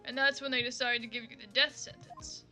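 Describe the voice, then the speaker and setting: A woman voicing a composed young female defense attorney who asks measured, quiet questions. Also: on the high side, little pitch movement, soft background music. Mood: probing.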